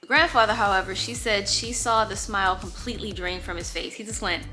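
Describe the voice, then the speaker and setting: A woman's voice: mid-range voice, fairly quick, faint music behind. A woman vlogger telling a storytime tale in casual chat, acting out the voices of the people in it. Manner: animated, acts out quoted voices.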